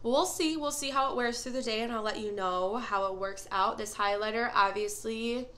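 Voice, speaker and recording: A woman's voice: on the high side, moderate pace, a bit bright. A young woman filming a casual first-impressions makeup review, gushing and exclaiming as she tries products. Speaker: beauty vlogger.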